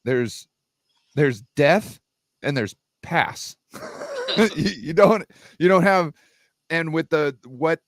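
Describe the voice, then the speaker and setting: Speaking slowly with frequent pauses, this man's expressive, somewhat high voice carries his emphatic arguments as a co-host and 49ers fan on a casual football debate stream. He keeps repeating and restarting his sentences. The studio-quality audio has no echo.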